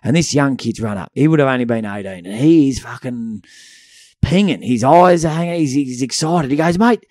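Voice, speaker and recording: Australian male co-host, casual storytelling chat, animated and sweary, close dry mic. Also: mid-range voice, brisk, dry recording. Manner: animated, acts out voices in anecdotes, swears freely. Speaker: podcast co-host.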